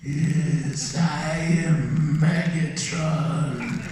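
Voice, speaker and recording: A man voicing a menacing robot overlord, drawing the words out slowly and building to a shout. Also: fairly high pitch, fairly even intonation, noisy background, pitched above the performer's own voice. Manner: drawn-out, swelling into a shout. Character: menacing male robot overlord, grand and power-hungry. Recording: echoey convention hall from far off.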